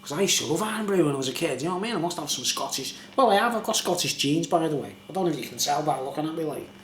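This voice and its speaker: A rambling man from Britain chats casually to the camera, and his voice sits a little higher than most men's. He is recorded in a roomy, echoey space, with a faint hum underneath. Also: lively intonation, racing, a bit bright. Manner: rambling, chatty, keeps asking "you know what I mean?". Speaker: YouTuber reviewing beer. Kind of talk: casual chatty vlog.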